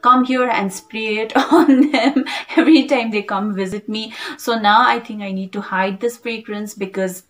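A woman vlogger reviewing a perfume in a casual, gushing way, piling on drawn-out praise and often checking in with "okay?" and "like". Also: a little high, steady tone, a bit bright.

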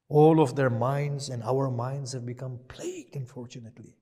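A man preaching a Muharram sermon, retelling events with impassioned swings from loud emphasis to hushed quiet. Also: medium pitch, steady tone, moderate pace, hardly any pauses. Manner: impassioned, rising to loud emphasis then dropping to hushed tones. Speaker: shaykh giving a Muharram lecture. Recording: long hall reverb.

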